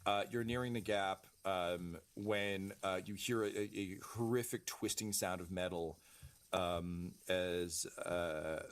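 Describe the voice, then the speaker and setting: A low-voiced man narrates a tabletop game as game master. He fills his descriptions with ums and uhs as he thinks on the fly. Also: slow pace, smooth. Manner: hesitant, many ums and uhs.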